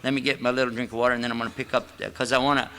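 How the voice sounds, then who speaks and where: A man's voice: mid-range voice, flat delivery, rapid-fire, sharp tone. An older man from the United States giving an Islamic lecture in a mosque, a folksy, joking storyteller with casual asides. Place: mosque hall. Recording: echoey hall.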